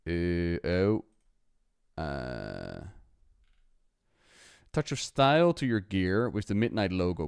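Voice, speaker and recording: Male streamer, lively pitch, smooth clear voice, chatty and excitable. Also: no room sound, studio quality. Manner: chatty, excitable, talks to the game and chat. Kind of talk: casual live-stream commentary.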